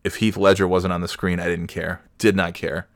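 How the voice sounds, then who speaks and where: A man's voice: low-pitched, little pitch movement, brisk, no room sound, clean studio sound. A man chatting casually about a movie, rambling and profane, mocking himself as he goes.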